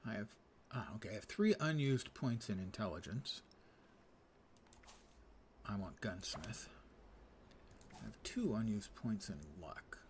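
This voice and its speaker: A man's voice: fairly low pitch, lively intonation, a little slow, long pauses, a little hiss or hum. Dry-witted older man streaming a game. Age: 70s. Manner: dry, sarcastic asides, reads menus aloud. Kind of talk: casual gameplay commentary.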